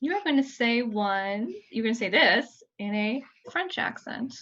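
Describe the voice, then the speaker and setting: A woman's voice: a little high, expressive, a little slow, a bit bright, dull audio. Playful woman hosting a podcast. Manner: playful, giggly, directing the game. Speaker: host. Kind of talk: casual podcast chat.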